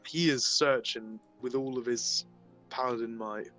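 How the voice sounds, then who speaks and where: A man's voice: medium pitch, measured pace, fairly bright tone, soft background music. A man playing a tabletop game, rambling and often apologizing and correcting himself. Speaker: player. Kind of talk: casual tabletop play.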